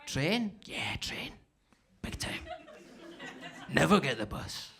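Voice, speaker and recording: A man's voice: on the high side, sing-song, takes it slowly, vocal fry, crowd noise. A Scottish man from Glasgow with a Glaswegian accent, doing breezy, self-deprecating live stand-up in a comedy club. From Scotland, Glasgow. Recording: noisy live club recording.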